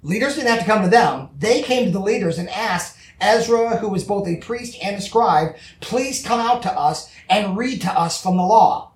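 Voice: mid-range voice, normal speed, hardly any pauses. A pastor giving a conversational sermon, earnest and emphatic, often asking the congregation for agreement. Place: church. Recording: echoey church from far off.

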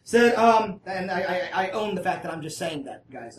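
With a medium-pitched, animated voice at a moderate pace, this Bible study leader alternates reading scripture with casual, chatty explanation. He frequently checks in with listeners and poses questions to the group, recorded from a distance in an echoey room.

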